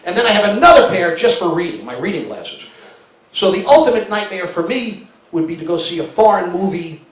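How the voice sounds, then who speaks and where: Animated stand-up comic man, roomy stage. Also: high-pitched, fairly quick. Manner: animated storyteller, acts out shouting arguments. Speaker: stand-up comedian. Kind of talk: stand-up comedy routine. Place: stage before a live audience. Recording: roomy live venue sound.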